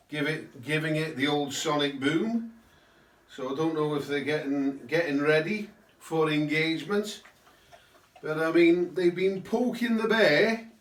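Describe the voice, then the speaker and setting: A man's voice: a little high, fairly bright tone. A man giving a rambling satirical political monologue, full of tag questions. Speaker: host. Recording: roomy, mic at a distance.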